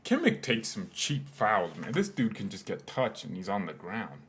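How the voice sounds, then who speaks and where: A man's voice: on the low side, huge pitch swings, normal speed, a bit bright. A man hosting a live fan watchalong, mixing match commentary with joking, rambling banter. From United States. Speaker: fan channel host.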